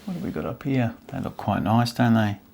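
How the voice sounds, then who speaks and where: A man's voice: medium pitch, expressive, brisk, gravelly, a little mellow, a little hiss or hum. A man hosting a stamp collecting channel, chatting casually and musing aloud as he pages through an old album, easily delighted by what he finds. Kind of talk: casual chat while browsing an album.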